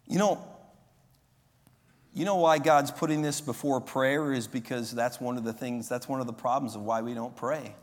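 A pastor in his forties preaching a sermon in a conversational way, with loud emphatic bursts. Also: medium pitch. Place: church sanctuary. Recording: long hall reverb.

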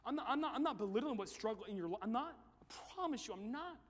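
High-voiced preacher in an echoing hall. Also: male voice, expressive, quick pace, slight background noise. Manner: swings from quiet pleading to shouted climaxes. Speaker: youth event preacher. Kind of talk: sermon. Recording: echoey hall.

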